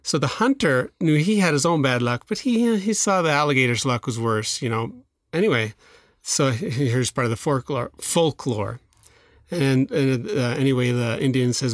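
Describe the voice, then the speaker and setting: A man's voice: mid-range voice, moderate pace, no room sound, studio quality. A man co-hosting a podcast, retelling a folktale in a rambling, casual way with lots of restarts. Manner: rambling, with restarts, filler and laughs. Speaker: podcast co-host. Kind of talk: casual chat, storytelling.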